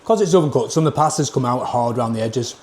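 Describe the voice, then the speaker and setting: Northern English man, mid-pitched, blunt casual food reviewer, talks between bites. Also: expressive, quick pace, darkish tone. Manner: blunt, plain-spoken, scores each dish out of ten.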